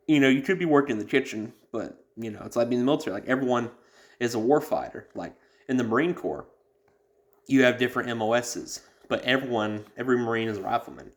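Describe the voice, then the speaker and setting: A man on a podcast giving blunt, rambling advice in casual talk, cursing and using many fillers. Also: medium pitch. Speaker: podcast host.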